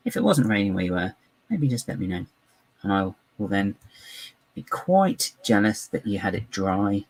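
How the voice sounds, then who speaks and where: A man's voice: on the low side, husky, dry recording, rough recording. A man chatting live while building, rambling, giggly and self-mocking. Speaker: live-streaming LEGO builder.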